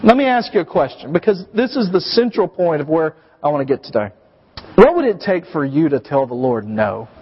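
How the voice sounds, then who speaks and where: A man's voice: fairly high pitch, big pitch swings, fairly quick, breathy edge. A man in his thirties, a pastor preaching a sermon, emphatic and questioning his congregation. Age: 30s. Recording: dull audio with long hall reverb.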